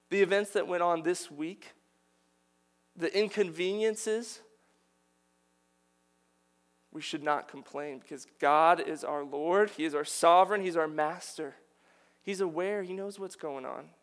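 A man's voice: fairly high pitch, measured pace. A man preaching a sermon, earnest and building to emphatic declarations.

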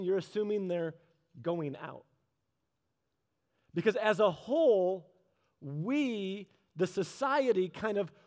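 A man preaching a sermon in a conversational way, asking the audience questions and slowing down low on key phrases. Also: a little mellow.

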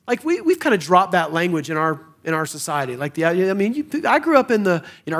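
A man preaching a sermon, swinging between hushed and emphatic delivery. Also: sits high, sing-song, fast, few pauses. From American South. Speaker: pastor.

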